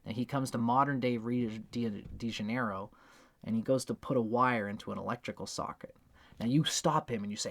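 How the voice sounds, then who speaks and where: A man talking through a book in a relaxed, conversational way, like a teacher chatting with students. He speaks at a mid pitch and breaks into little acted-out examples to make a point. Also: a little fast. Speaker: astrology teacher. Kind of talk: casual spoken book review.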